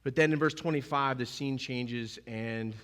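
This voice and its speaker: A male pastor preaching a sermon, animated and emphatic, acting out scenes as he goes. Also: medium pitch, measured pace, in a large hall. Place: church sanctuary.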